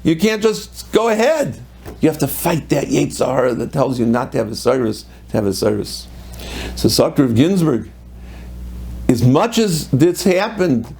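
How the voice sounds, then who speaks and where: A rabbi delivers a sermon as a string of stories, acting out what each person said. His middle-aged voice is gravelly and a bit husky. He scatters Hebrew and Yiddish terms through his talk. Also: fairly high pitch, a little mellow.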